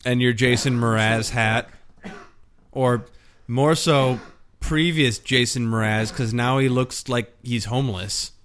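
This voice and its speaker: Co-host, man, mid-pitched, dry jokey delivery in relaxed group talk. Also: slow pace, a little hiss or hum. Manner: wry, joking banter. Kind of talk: casual group chat during a word game.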